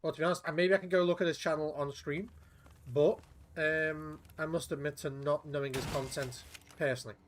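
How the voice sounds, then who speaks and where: A male game streamer chats casually with viewers during a live stream, rambling and swearing as he plays. His fairly high voice holds a steady tone at a fairly quick pace, and there's a little hiss or hum in the audio.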